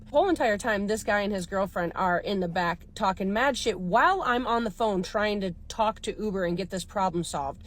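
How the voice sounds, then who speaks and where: A woman's voice: mid-range voice, brisk, hardly any pauses. A woman in her thirties, a rideshare driver casually telling a story and acting out the people she quotes.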